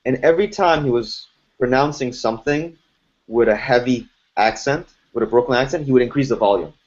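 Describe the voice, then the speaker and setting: A man's voice: mid-range voice, brisk. A man with a faint foreign accent, hard to place, chatting in an interview and telling stories animatedly. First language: French or Arabic. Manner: animated storyteller, laughs often. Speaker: voice actor guest. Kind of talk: casual interview chat. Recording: dull lo-fi podcast audio.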